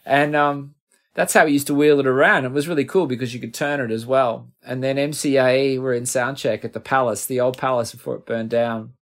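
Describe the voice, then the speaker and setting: A man's voice: medium pitch, steady tone, brisk. A middle-aged man with an Australian accent, a guest musician telling rambling, self-deprecating stories in a casual interview.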